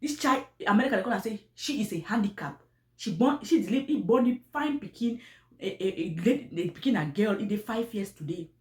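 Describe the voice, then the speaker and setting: A woman's voice: medium pitch, fairly quick. Woman, Cameroonian Pidgin English accent, casual commentary vlogger, repetitive restarts, echoey room. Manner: animated, repetitive, with pidgin phrasing and frequent restarts. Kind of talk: casual commentary on online personalities.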